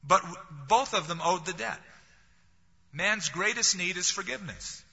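A man delivers a sermon in a bright, cutting, somewhat husky voice that sits a little high. He talks conversationally and drops in wry jokes. The recording is dull and lo-fi, with a long reverb tail as if in a large hall. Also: normal speed. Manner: conversational, with wry humorous asides. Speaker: pastor.

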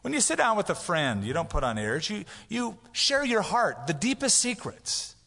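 A man preaching a sermon in a church sanctuary, his voice a little higher than most men's. He talks in a conversational, animated way, sometimes acting out prayers. A long reverb hangs in the hall around him. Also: normal speed, creaky. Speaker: pastor. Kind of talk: expository sermon.

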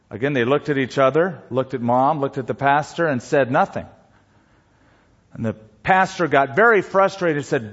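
A man preaching a sermon as pastor, telling stories in an unhurried way with pauses. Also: mid-range voice, expressive, fairly bright tone. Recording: dull lo-fi recording.

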